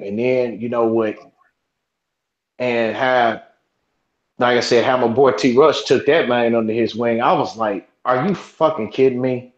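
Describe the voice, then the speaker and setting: A man's voice: mid-range voice, lo-fi sound. Rambling man telling a story, roomy sound. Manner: rambling, many restarts, cursing. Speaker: podcast host. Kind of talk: casual storytelling chat.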